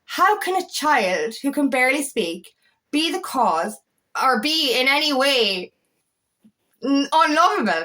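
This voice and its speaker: Earnest, emotional woman coach, high voice. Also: very animated, a little slow, pushed and bright. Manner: raw, emotional, earnest, swears freely, repeats words. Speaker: feminine empowerment coach. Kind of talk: personal vlog talk.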